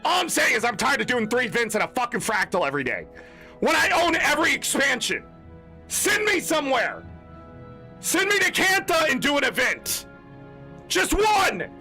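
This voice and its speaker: Exasperated high-voiced male gaming ranter. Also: huge pitch swings, moderate pace, sharp tone, soft background music. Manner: exasperated, swearing, emphatic. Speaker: gaming content creator. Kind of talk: ranting commentary.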